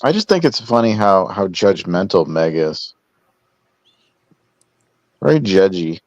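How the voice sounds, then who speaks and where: A man's voice: deep voice, sing-song, measured pace, no echo, dull audio. A man chatting sarcastically on a live stream panel, mocking in a casual way.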